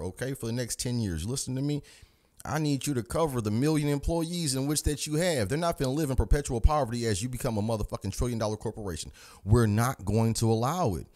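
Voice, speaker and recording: A man's voice: medium pitch, a little mellow. A man delivering a fiery, profane political rant, preaching straight at the listener in a combative, commanding way. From United States. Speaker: channel host.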